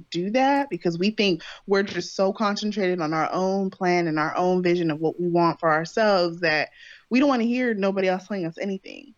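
A woman's voice: mid-range voice, dry recording. Woman giving earnest advice, dry, dull sound. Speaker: co-host. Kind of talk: casual reflective chat.

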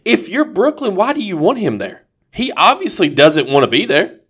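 A man's voice: high-pitched, wildly swooping pitch, moderate pace, a bit bright, husky. A man co-hosting a casual sports podcast, joking and giving brash hot takes. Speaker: podcast co-host.

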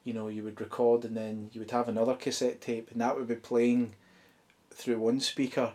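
Scottish male musician guest, home studio, mid pitch, meandering delivery full of fillers. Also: little pitch movement, moderate pace, darkish tone. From Scotland. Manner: thoughtful, rambling with many fillers. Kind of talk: casual interview chat.

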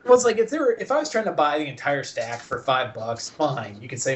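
A man's voice: on the high side, a little fast. A man in casual chat, telling a story with lots of swearing and acting out the other people's lines. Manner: profane, animated storyteller acting out dialogue.

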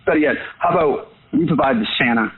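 A man's voice: mid-range voice, lively intonation, fast talker, husky. A man talking casually and with enthusiasm as an interview guest, using lots of fillers and repeating himself. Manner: enthusiastic, repetitive, many fillers. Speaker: guest, photo business owner. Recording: tinny phone-line sound.

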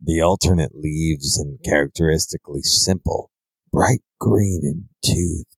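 A man's voice: very deep voice, creaky, husky, no echo, pitched below the performer's own voice, heavily acted, rough recording. A man doing Bushy Brow Bruce, stern cigar man. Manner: slow, grave, deliberate reading. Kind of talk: in-character reading of a herbal text.

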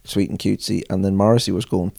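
A man chatting casually about music as a podcast co-host, quick and animated, swearing easily. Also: low-pitched, vocal fry, dry recording.

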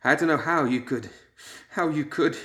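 A man's voice: on the high side, normal speed, a bit bright, voice pushed up, lightly acted. A man voicing a broken, vengeful widow who shrieks and weeps in an audiobook. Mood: anguished. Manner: shrieking then weeping.

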